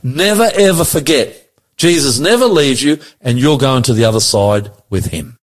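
Earnest Australian pastor on radio. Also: male voice, mid-range voice, expressive, normal speed. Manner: folksy, earnest, asks the listener questions. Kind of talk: conversational radio preaching. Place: radio studio.

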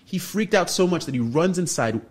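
A man from Canada, a guest on a radio show, telling a long story with lively energy and acting out the other people in it. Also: fairly high pitch, brisk. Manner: animated storyteller, acts out other people's lines.

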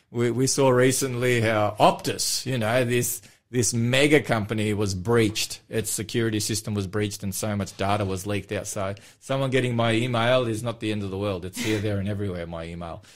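A man co-hosting a radio show as a church pastor. He chats casually, rambling with many fillers and false starts. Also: lowish voice. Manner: rambling, hesitant, self-deprecating.

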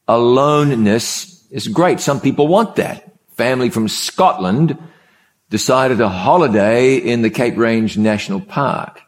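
A man preaching a sermon, opening with a story and speaking in a conversational way, repeating key words for emphasis. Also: mid-range voice. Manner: conversational, repetitive emphasis, measured pauses.

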